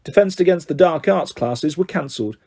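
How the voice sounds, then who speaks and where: A man's voice: on the high side, animated, fairly quick, creaky, a little mellow. A man narrating an audiobook, telling the story steadily and voicing the dialogue. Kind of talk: scripted narration.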